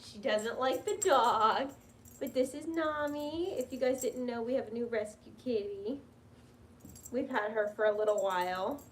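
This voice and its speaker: This young woman, a vet tech by trade, keeps up a chatty home livestream at a measured pace, her voice fairly high as she turns now and then to address her pets affectionately. Faint background noise comes through a somewhat far-off microphone.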